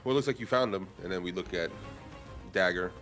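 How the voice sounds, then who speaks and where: Guy at a tabletop game, slangy and sweary, gets hyped fast. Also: sits low, soft background music. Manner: excitable, slangy, profane. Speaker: player.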